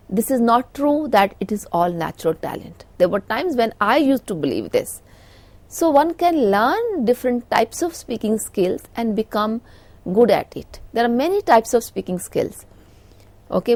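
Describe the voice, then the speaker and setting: A woman's voice: mid-range voice, big pitch swings, moderate pace, creaky, darkish tone, no room sound. A middle-aged woman with an Indian English accent giving a recorded lecture, explaining points with frequent "you know" fillers.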